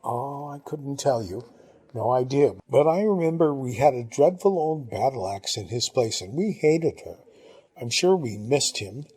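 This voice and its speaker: A man reading an audiobook, voicing a genteel older Englishwoman who chats fondly about her childhood with brisk, upper-class exclamations. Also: medium pitch, animated, a little mellow, husky. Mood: reminiscing. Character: genteel older Englishwoman, chatty and fond of the past.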